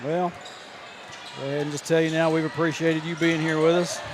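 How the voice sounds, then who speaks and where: A man's voice: a little high, little pitch movement, brisk. A man co-hosting a local basketball stream, chatting loosely with fillers between plays. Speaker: color commentator and stream host. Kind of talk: casual broadcast chat. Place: high school gym. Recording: gym noise clearly behind.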